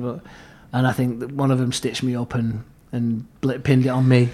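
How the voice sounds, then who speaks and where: Here a middle-aged man, once a therapist for a football club, spins lively stories during a podcast interview. At medium pitch and normal speed, he performs other people's lines and frequently starts sentences over.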